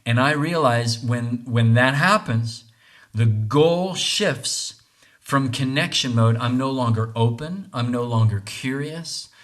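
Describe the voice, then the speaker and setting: A man's voice: medium pitch, slow, a bit bright. Podcast host, male, earnest reflective monologue, restarts phrases, tags lines with "right?".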